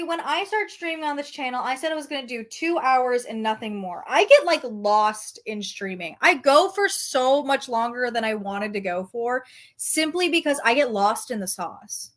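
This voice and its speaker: Woman streamer, high voice, casual profane commentary, snarky. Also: animated, normal speed, hardly any pauses, fairly bright tone. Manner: profane, sarcastic, reacts to chat.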